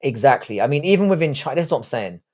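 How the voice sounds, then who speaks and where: A man's voice: mid-range voice, big pitch swings, fast talker, a little mellow. Sweary, rambling posh English man. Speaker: livestream host. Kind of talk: casual live-stream chat.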